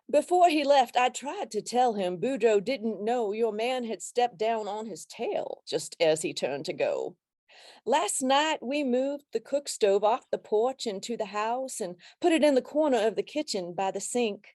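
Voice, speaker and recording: A woman reading a humorous poem in a put-on Louisiana accent, voicing a country man writing a complaint letter with a slow, drawn-out delivery. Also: a little high, dark tone, no room sound, clean studio sound.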